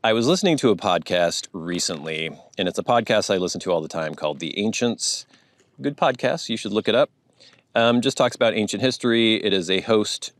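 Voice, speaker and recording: A man from the United States, hosting his channel in a rambling, casual chat to camera. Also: sits low. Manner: rambling, chatty, thinking aloud. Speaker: YouTube channel host.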